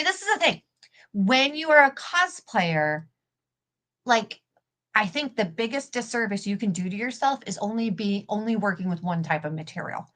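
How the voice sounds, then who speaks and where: A young adult woman who makes cosplay props hosts a casual craft live stream, rambling with plenty of fillers and an occasional swear. Her voice is fairly low in pitch, bright, and forceful.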